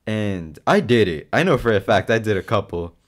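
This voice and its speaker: Young male podcast co-host with a lowish voice and a loose, swearing storytelling manner. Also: moderate pace. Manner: storytelling, swearing, animated quoting. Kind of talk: casual chat.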